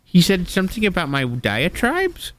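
A man hosting an improvised comedy radio bit, theatrical, jumping from shrill outrage to low mutters. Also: huge pitch swings, moderate pace. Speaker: comedy radio show host.

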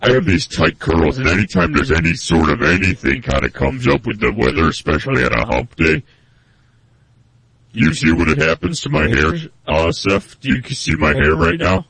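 A man rambles through deadpan comedy banter in a deeply gravelly, husky voice. His pitch swings widely from phrase to phrase. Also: normal speed, dry recording. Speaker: comedy show co-host.

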